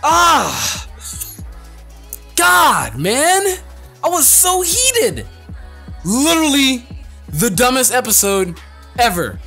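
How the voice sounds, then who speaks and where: A young man reviewing an anime in a casual video, excitable and swinging from loud, heated outbursts to low mutters.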